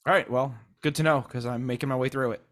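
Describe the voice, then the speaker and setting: A man's voice: medium pitch, fairly even intonation, quick pace, a bit bright. A man co-hosting a movie podcast, chatting casually and cracking dry puns. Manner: dry, punning jokes. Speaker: podcast co-host. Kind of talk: casual chat about movies.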